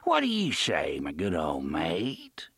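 A man's voice: low-pitched, wildly swooping pitch, slow, fairly bright tone, slightly rough, no echo, studio quality, voice pushed down, full character voice. A man voicing a dying, ragged old male pirate who talks in thick slang, friendly and threatening at once. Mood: gleeful wheedling. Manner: thick slangy speech, chummy yet threatening.

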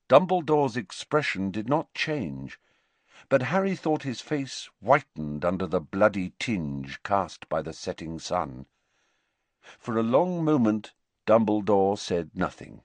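Man narrating a novel; lively melodic read, dry studio sound. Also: on the low side, takes it slowly, dry recording. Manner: expressive, varied delivery. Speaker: audiobook narrator. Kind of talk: scripted narration.

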